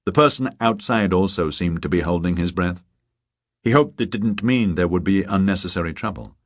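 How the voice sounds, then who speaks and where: A man narrating a thriller audiobook in a measured, even storytelling manner. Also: low voice. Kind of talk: scripted narration. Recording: dry close studio sound.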